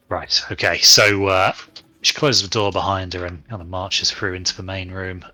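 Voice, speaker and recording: A man running a tabletop game, narrating in a relaxed, rambling way full of fillers. His voice is low with a strikingly bright, forceful edge. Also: normal speed, faint music behind. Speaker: game master.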